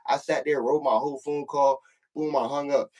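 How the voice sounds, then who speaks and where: A man's voice: medium pitch, fairly even intonation, moderate pace, darkish tone. A man telling a prison story in casual, profane talk, acting out the voices in the quotes.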